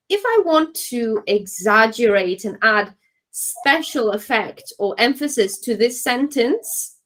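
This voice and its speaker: A woman's voice: mid-range voice, fairly bright tone, poor audio. A woman teaching a class to exam students, keeping it light and encouraging and checking in with "okay?" after nearly every point. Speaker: English teacher.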